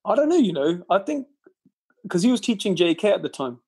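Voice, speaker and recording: A man's voice: sits high, sing-song, a little fast, a little mellow, breathy edge. A young man, a guest chatting in a laid-back, slangy way during an interview. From Leicester, England. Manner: laid-back, swears and laughs often, slangy. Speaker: guest lyricist. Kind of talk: casual interview chat.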